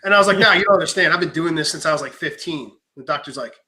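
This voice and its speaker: Brief: young man, higher voice, rapid-fire animated storyteller with a foul mouth. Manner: animated storyteller, swears freely, acts out quotes. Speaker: podcast host. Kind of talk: casual chat.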